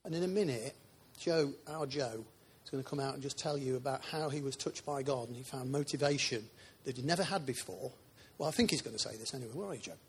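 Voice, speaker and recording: A man's voice: mid-range voice, fast talker, few pauses, slightly rough. A man preaching a sermon in a church, chatty and informal, with asides to the congregation.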